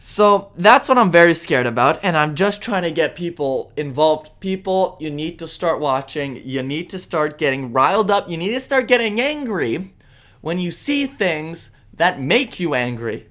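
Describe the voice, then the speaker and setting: A man's voice: a little high, expressive, normal speed, fairly bright tone. A man, hosting a podcast and delivering an impassioned, blunt political monologue. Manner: impassioned and blunt, with sarcastic mock-voices. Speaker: podcast host.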